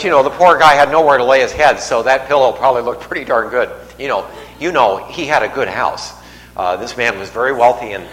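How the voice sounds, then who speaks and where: A man delivers a relaxed, conversational sermon, with asides and jokes aimed at the congregation. His voice sits at a middle pitch and carries through a large, echoing hall with faint noise behind it. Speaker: preacher. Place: church.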